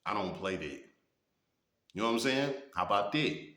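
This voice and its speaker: A man's voice: fairly low pitch, lively intonation, normal speed, sharp tone. A man in his thirties telling stories in a blunt, profane way, a vlogger who often asks his viewers "you know what I'm saying". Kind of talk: casual storytelling monologue. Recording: echoey room.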